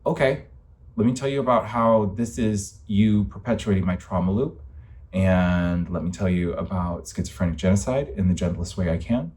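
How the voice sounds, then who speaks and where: Rambling, emphatic man with a low voice. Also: moderate pace, darkish tone. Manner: rambling, emphatic, swears, voice rising in frustration. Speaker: vlogger. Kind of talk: impassioned personal monologue.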